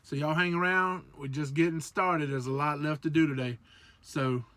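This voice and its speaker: A man's voice: a little high, fairly even intonation, normal speed, a bit bright, no echo. A man from South Georgia with a Southern accent, chatting casually and joking around in a rambling vlog from his truck. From South Georgia / North Florida, USA. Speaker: truck driver vlogger. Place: truck cab.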